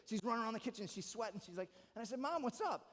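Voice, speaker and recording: A young man works a live audience with stand-up comedy, his voice riding high and bright. He tells stories with quick asides and jokey turns. A long reverb from the hall trails behind every line. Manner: animated, jokey storytelling with asides. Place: live stage in a large hall.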